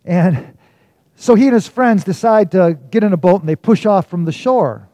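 A man preaching a sermon, telling a story and swinging from loud emphasis to hushed, quiet lines. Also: high-pitched, animated, normal speed, no echo. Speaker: pastor.

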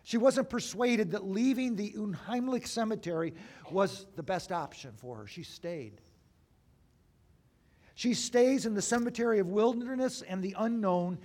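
A man preaching an Easter sermon as a pastor, moving between raised, emphatic phrases and hushed, slow ones with deliberate pauses. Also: sits high, expressive. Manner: dramatic swings between loud and hushed.

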